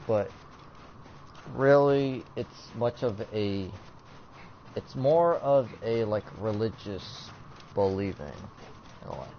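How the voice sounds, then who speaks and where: A teenage boy talks through a video game in loose, rambling commentary full of "like" and "and all that." His voice sits a bit low. The mic sounds dull and lo-fi with a faint hiss. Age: teens. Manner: rambling, filler-heavy, reads game text aloud. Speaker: gameplay commentator. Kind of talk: casual let's-play commentary.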